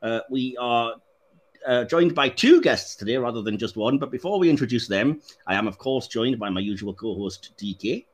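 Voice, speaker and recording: A man hosting a film review podcast in casual chat, laughing often and filling pauses with "uh". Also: mid-range voice, lively intonation, breathy edge. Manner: laughs often, many filler "uh"s. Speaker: podcast host.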